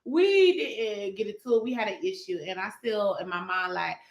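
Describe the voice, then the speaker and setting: A young woman co-hosting a casual chat, expressive and quick to jump in with comments. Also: mid-range voice. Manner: expressive and reactive, jumping in with comments. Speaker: podcast co-host. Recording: echoey room.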